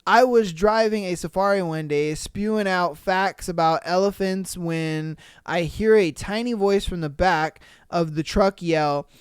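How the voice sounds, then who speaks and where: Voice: medium pitch, measured pace, few pauses, clear, resonant tone, no room sound, clean studio sound. A podcast host reading listener stories aloud and reacting with slangy, swearing, laugh-filled commentary.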